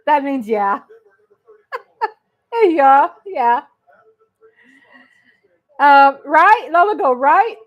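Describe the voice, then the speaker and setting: A woman hosts a relaxed live chat. Her voice sits high and she takes her time, greeting viewers by name and laughing often. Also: drawn-out words, long pauses, muffled recording. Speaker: livestream host. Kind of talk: casual live-chat commentary.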